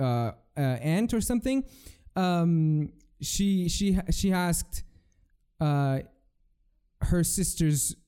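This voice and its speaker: This solo podcast host is a young man whose voice is on the high side, mellow, clear and resonant. His casual rant is made of rambling, profane stories with frequent restarts.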